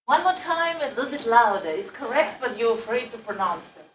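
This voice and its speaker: A woman's voice: a little high, big pitch swings, fairly quick. A woman teaching a language class, coaxing and correcting students as they read aloud. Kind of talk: classroom instruction. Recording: roomy, distant classroom recording.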